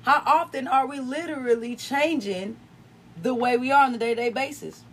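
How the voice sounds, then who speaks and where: A woman's voice: high-pitched, normal speed, noisy background. A woman with a slight Southern country twang hosting a podcast. She talks casually but preaches at times, repeats phrases for emphasis and swears freely. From upstate New York. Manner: repetitive, preachy, profane. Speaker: podcast host. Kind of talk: casual spiritual chat.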